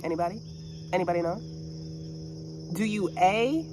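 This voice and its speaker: A woman venting in a casual monologue, telling a story with lots of swearing and animated asides. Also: deep voice, normal speed, pauses often, background noise. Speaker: vlogger.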